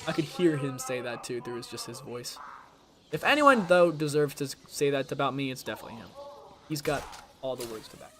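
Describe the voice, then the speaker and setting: Casual gameplay chatter from a young male streamer, loose and full of fillers. He has a medium-pitched, expressive voice and a fairly quick delivery.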